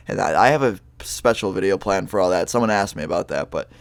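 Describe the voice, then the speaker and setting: A young man tells a personal story straight to camera. He rambles loosely, with fillers and swearing. His voice sits low and the sound is close and dry, with no room behind it. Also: fast, vocal fry, dry recording. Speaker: vlogger telling a story. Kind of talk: casual storytime monologue.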